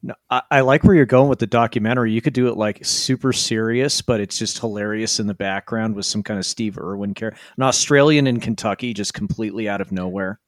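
A man's voice: fairly low pitch, steady tone, fast, few pauses, no room sound. Eager joking man, dry sound. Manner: builds on jokes eagerly. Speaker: podcast co-host. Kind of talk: casual chat.

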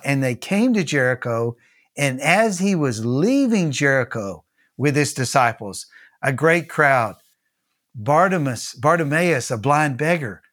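A man's voice: a little high, a bit bright. A man with a Texan accent preaching an earnest devotional sermon as pastor, repeating key phrases.

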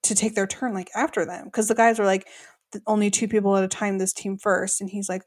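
A woman's voice: medium pitch, fast talker. Chatty young woman podcast host. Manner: chatty, animated retelling with quoted voices and laughs. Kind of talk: casual recap chat.

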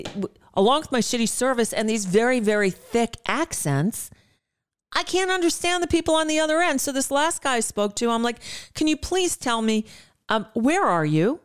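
Hosting a talk radio show, a woman in her sixties delivers a casual monologue, exasperated and rambling, often restarting and drifting into asides. Her mid-range voice sounds clear and resonant.

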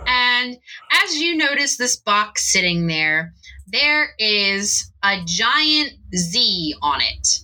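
A woman's voice: medium pitch, very animated, slow pace, sharp tone. A young woman narrating a tabletop role-playing game as game master, playful and often laughing.

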